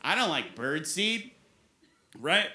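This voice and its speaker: A man's voice: fairly high pitch, very animated, slow pace, very noisy. A man in his forties performing a stand-up comedy set on a club stage, telling playful self-mocking stories. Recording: roomy club sound with crowd laughter.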